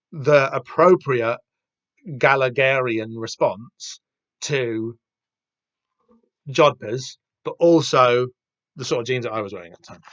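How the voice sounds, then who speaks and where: A man hosts a casual podcast chat about reading comic books, rambling with plenty of fillers and restarts. His voice is medium-pitched and a bit bright, captured on a dull, dry lo-fi home mic.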